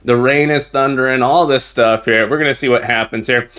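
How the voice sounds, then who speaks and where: A man hosting a casual live stream, upbeat and chatty, greeting viewers warmly and repeating his phrases. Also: mid-range voice, steady tone, brisk, smooth. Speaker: live-stream host and teacher. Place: room at home, indoors.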